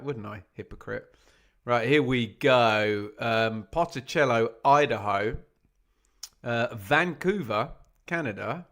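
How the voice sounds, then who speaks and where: A man's voice: medium pitch, fairly bright tone. A man hosting a live football watch-along stream, chatting casually with viewers, reading out where they are watching from, and joking at his own expense. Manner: chatty, reads out viewer locations, self-mocking.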